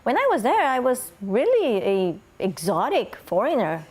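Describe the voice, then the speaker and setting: A woman's voice: fairly high pitch, huge pitch swings, normal speed. A woman from Brazil, a guest in an interview, telling her life story in a chatty way with frequent light laughter.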